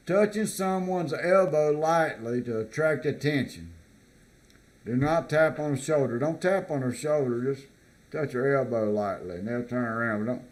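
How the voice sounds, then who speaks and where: A man from the United States, vlogging in a casual, halting way, reading items from a list and commenting with repeated words and fillers. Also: mid-range voice.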